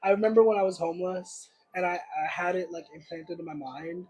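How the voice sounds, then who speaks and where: A man's voice: high-pitched, fairly quick, darkish tone, a little hiss or hum, poor audio. A young man giving a casual livestream tarot reading, rambling and searching for words with lots of fillers. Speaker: tarot reader.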